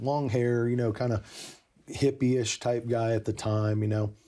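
A man's voice: medium pitch, fairly even intonation, normal speed, mellow. A man in casual conversation, earnestly telling a personal story with lots of "you know" asides. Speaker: podcast guest telling his conversion story.

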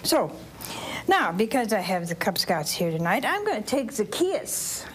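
A woman's voice: mid-range voice, unhurried, slight background noise. A woman preacher, telling a Bible story in church and asking the listeners questions. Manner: animated, asks the audience questions, acts out voices. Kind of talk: storytelling sermon to children and families.

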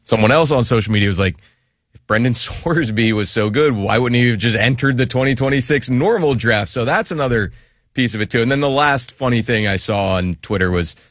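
A man from western Pennsylvania co-hosting a casual sports talk show, relaxed and opinionated. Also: mid-range voice, fairly quick, no room sound, studio quality. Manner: relaxed, opinionated, often says "like" and "I mean".

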